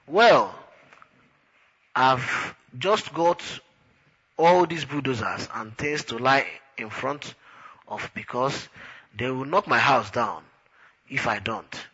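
A man's voice: medium pitch, expressive, takes it slowly, long pauses, pushed and bright, breathy edge, in a large hall, highs cut off, full character voice. A man voicing an exasperated young Englishman who answers with sarcasm. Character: flustered indignant Englishman, young adult male.

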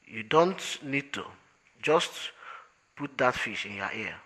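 A man's voice: mid-range voice, lively intonation, slow, sharp tone, breathy edge, full character voice. A man reading an audiobook, voicing a breezy, smug male alien traveler in an offhand, amused way.

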